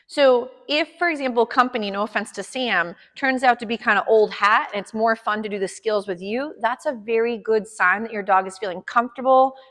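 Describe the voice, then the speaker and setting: A woman's voice: fairly high pitch, brisk, few pauses, fairly bright tone, in a large hall. Chatty, upbeat woman dog trainer. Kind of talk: explaining a training session to clients.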